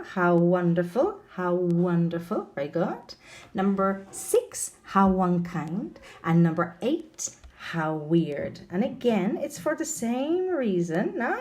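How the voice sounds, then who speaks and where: A woman teaching an online English lesson, asking the viewer questions in an expressive way. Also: medium pitch.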